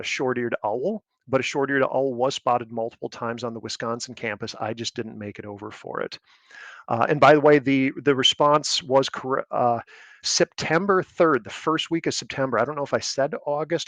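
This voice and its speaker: A man answering audience questions as a guest birding speaker, explaining in a measured way with many fillers. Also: mid-range voice, no echo.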